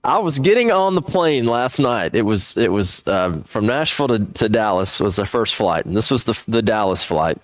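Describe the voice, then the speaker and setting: A man's voice: lowish voice, sing-song, normal speed, few pauses, dry recording. A man, speaking at a church seminar and telling a humorous, self-deprecating story with lots of restarts.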